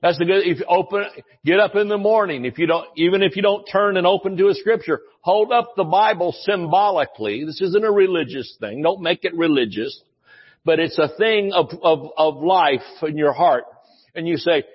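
A man's voice: normal speed, husky. A man preaching a sermon as pastor in a folksy way, repeating phrases for emphasis. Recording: dull low-fidelity audio.

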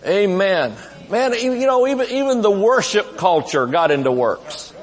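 A man in his fifties preaching a humorous, lively sermon at a live conference, laughing as he talks and shouting some lines. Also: high voice, moderate pace. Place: large church sanctuary. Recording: live sermon with long hall reverb.

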